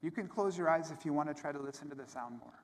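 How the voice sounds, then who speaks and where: A man with a slightly high voice calmly leads a yoga class, giving gentle, step-by-step cues for breath and movement. He speaks into a microphone in a large hall, and his voice trails off in long reverb over a faint murmur of room ambience. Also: fast, slight background noise. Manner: calm, gentle, step-by-step cueing. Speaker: yoga teacher. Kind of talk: guided yoga instruction to a live audience.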